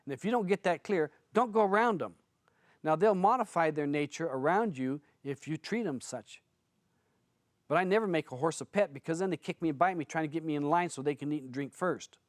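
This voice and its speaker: A man's voice: fairly high pitch, a little fast, dry recording, studio quality. A man who is a spiritual teacher, giving a blunt, conversational seminar talk full of stories to an audience.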